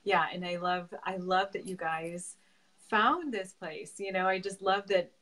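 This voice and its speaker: A woman's voice: mid-range voice, measured pace, a bit bright. A woman hosting an interview for her spiritual group, who speaks effusively with frequent giggles. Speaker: host, spiritual advisor. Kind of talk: casual interview.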